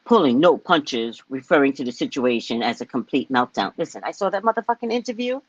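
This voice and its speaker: A woman's voice: rumbling low, very animated, brisk, husky, no room sound, dull audio. An older woman hosting a psychic show, reading the news aloud and bluntly mocking it with profanity in a casual rant. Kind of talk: casual live-stream rant.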